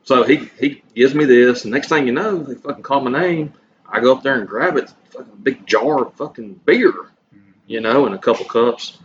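A man's voice: medium pitch, normal speed. Rambling profane man telling a story. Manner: rambling, profane, acts out dialogue. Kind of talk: casual storytelling chat. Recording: slightly muffled with faint room noise.

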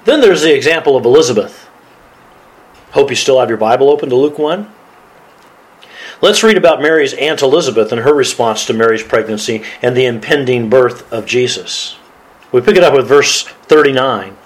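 A man's voice: medium pitch, animated, normal speed, rough recording. A man preaching as a pastor, reading scripture aloud and laughing often. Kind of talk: sermon.

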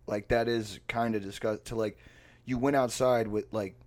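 A man co-hosting a casual podcast, telling a story with lots of swearing and getting loud when he acts out other people. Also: on the low side, moderate pace. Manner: animated storyteller, swears freely, gets loud acting out others. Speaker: podcast co-host. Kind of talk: casual chat.

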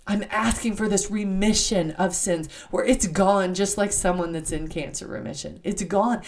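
A woman's voice: fairly low pitch, darkish tone. A woman hosting a devotional podcast, talking earnestly and from the heart. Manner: earnest and heartfelt, with many "I mean" asides. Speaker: podcast host.

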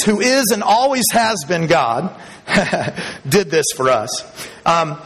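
High-voiced pastor preaching in a reverberant hall. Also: male voice, a little hiss or hum. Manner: emphatic, builds in pitch and loudness, chuckles between points. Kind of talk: sermon. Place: church in front of a congregation.

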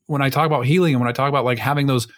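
A man's voice: mid-range voice, fairly even intonation, very fast, a bit bright. A man co-hosting a podcast in casual chat, rambling and self-mocking, swearing freely. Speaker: podcast co-host.

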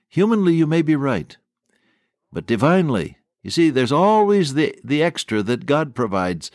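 A man's voice: medium pitch, dry recording, studio quality. An older man preaching a radio sermon, telling stories in a folksy, earnest way.

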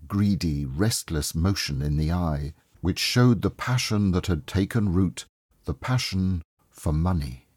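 A man narrating an abridged classic story in a measured, expressive audiobook reading. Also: sits low, no echo, clean studio sound.

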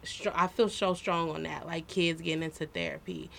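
A woman in her thirties sharing personal experiences on a podcast, her voice sitting on the low side. She speaks in an earnest, heartfelt way and leans on easy fillers like "you know" as she thinks aloud. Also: fairly even intonation, moderate pace, creaky, a bit bright, slight background noise. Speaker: podcast co-host. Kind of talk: casual personal chat.

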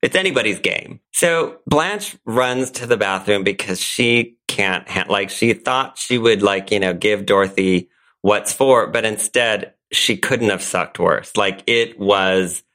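A man co-hosting a podcast, recapping a sitcom episode in casual, animated chat and laughing often. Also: on the low side, unhurried. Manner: animated storytelling, frequent laughs. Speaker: podcast co-host.

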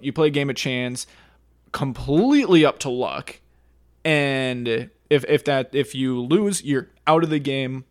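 A man's voice: mid-range voice, no echo, studio quality. A man co-hosting a podcast, chatting casually about a reality competition, with stammering restarts and easy laughs. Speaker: podcast co-host. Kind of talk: casual reality-show discussion.

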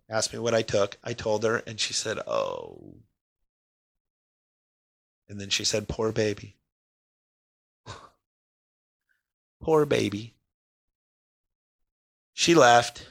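A man with a fairly low voice full of gravelly fry and a bright, forceful edge tells his own story in a personal talk. He speaks emotionally, pausing and restarting, and his voice drops quiet in the heaviest moments.

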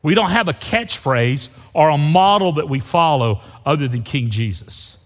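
A male pastor preaching a sermon, emphatic and dropping to hushed lows on key phrases. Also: expressive, normal speed. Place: church sanctuary. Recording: long reverb of a church hall.

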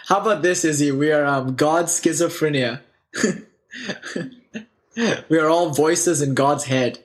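Animated man telling spiritual stories. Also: a little high, unhurried, pauses often. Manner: animated, loose storytelling with many fillers. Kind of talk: casual spiritual storytelling.

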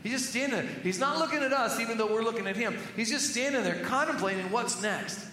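A middle-aged man, a pastor preaching a sermon in a church, telling earnest stories and dropping to hushed tones for emphasis. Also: extremely high pitch, fast talker. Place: church sanctuary. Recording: echoey hall reverb with faint ambience.

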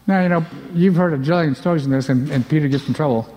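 A man preaching a sermon, animated, acting out the scenes and swinging between loud bursts and hushed asides. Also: a little high, fast talker, few pauses. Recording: long reverb of a large hall.

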